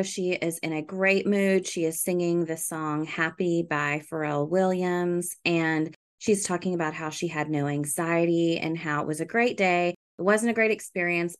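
A woman hosting a podcast, reading a scripted narration in a measured, even way. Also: fairly low pitch, clear, resonant tone. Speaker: podcast host. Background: faint music.

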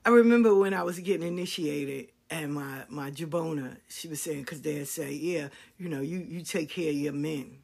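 A middle-aged woman talks straight to her listeners, spinning stories from her own life. Her talk is blunt and full of swearing, and she tells it with lively energy. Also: low-pitched, moderate pace, vocal fry, few pauses, slightly rough. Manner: blunt, profane, animated storytelling. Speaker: talk show host. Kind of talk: casual storytelling chat.

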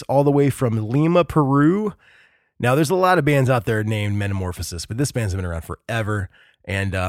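A man's voice: fairly low pitch, a little mellow, dry recording, studio quality. A man hosting a podcast in casual chat, enthusiastic and rambling, with many fillers and restarts. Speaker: podcast host.

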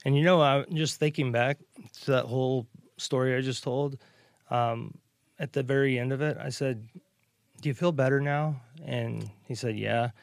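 A man's voice: mid-range voice, fairly even intonation, normal speed, vocal fry, no echo, clean studio sound. A middle-aged man co-hosting a casual podcast, earnest and hesitant, with many restarts. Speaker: podcast co-host.

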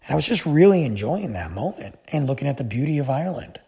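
A man hosting a podcast, telling a travel story in a chatty, animated way. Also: mid-range voice, quick pace, vocal fry, slightly rough. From United States. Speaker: podcast host. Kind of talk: casual storytelling.

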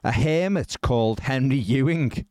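A man's voice: mid-range voice, animated, moderate pace, darkish tone, dry recording. A man hosting a podcast, reading out news stories with wry, disbelieving asides. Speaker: podcast host.

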